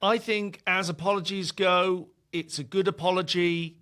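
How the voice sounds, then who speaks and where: A man's voice: high voice, fairly even intonation, moderate pace, a bit bright. A man, the show's producer, objecting in an exasperated way during comedy podcast banter.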